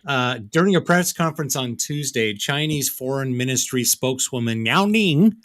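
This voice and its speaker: A man's voice: mid-range voice, expressive, moderate pace, fairly bright tone, dry recording. A man co-hosting a podcast, reading news items aloud in a casual chat and adding wry, sarcastic asides. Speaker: podcast co-host.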